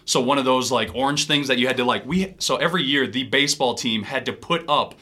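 A man's voice: mid-range voice, quick pace. A young man from Wisconsin, a pro baseball player, telling stories in a casual interview and acting out other people's voices. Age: 20s. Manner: animated storyteller, acts out others' voices. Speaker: pro baseball pitcher, guest.

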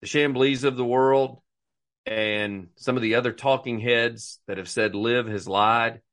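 Guy chatting on a podcast, acts out what people said, lively. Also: mid-range voice. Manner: animated storytelling, acts out quotes. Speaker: podcast co-host. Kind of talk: casual chat about golf.

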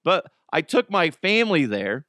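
A man hosting a podcast alone, chatting casually in an animated, profane, rambling way. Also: a little high, normal speed, no echo, clean studio sound. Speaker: podcast host. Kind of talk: casual solo podcast chat.

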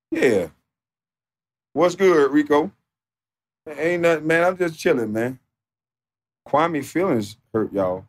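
A man streaming live, ranting off the cuff in a profane, mocking, animated way that sometimes turns to shouting. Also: mid-range voice, a little hiss or hum. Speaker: livestreamer. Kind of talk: off-the-cuff livestream rant.

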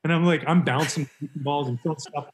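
A man in his forties from Canada, a former pitcher telling a story in casual conversation with an animated, lively delivery. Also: fairly quick, a little hiss or hum. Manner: animated, lively retelling with voiced quotes.

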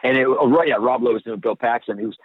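A man chatting casually as an impressionist guest on a podcast, animated and gushing. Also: mid-range voice, fast talker, no echo, narrow, tinny audio.

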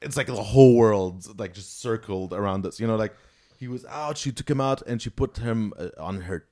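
A man's voice: on the low side, normal speed, mellow. A young man, a podcast host, telling a long story in casual chat, packed with "like" and "you know".

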